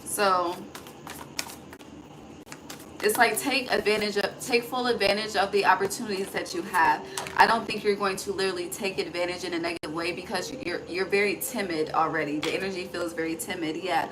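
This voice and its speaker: A woman's voice: lowish voice, fairly quick. Chatty woman giving a casual card reading. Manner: chatty, thinks aloud, swears, calls the listener honey. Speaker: intuitive tarot reader. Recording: steady background noise.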